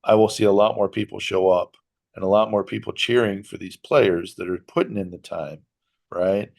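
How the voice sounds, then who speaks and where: A man co-hosting a casual sports podcast, talking in a measured, earnest way and stressing his points with care. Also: low voice, fairly even intonation, vocal fry, darkish tone. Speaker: podcast co-host.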